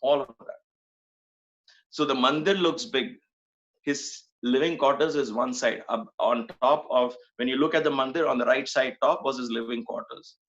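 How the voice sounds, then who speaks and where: A man's voice: medium pitch, moderate pace, fairly bright tone. A middle-aged man from Mumbai, giving an earnest devotional talk full of repetition and rhetorical questions. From Mumbai, India. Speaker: spiritual speaker. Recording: dull lo-fi recording.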